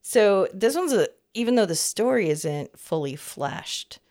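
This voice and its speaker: A woman's voice: medium pitch, very animated, a little slow, darkish tone. A woman in her fifties co-hosting a podcast, chatting in a rambling, easygoing way and laughing often. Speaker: podcast co-host. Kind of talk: casual chat.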